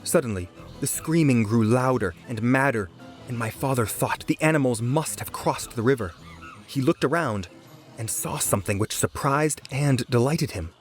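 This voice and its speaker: Calm male storybook narrator. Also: mid-range voice, normal speed. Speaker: audiobook narrator. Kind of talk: storybook read-aloud narration. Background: soft background music.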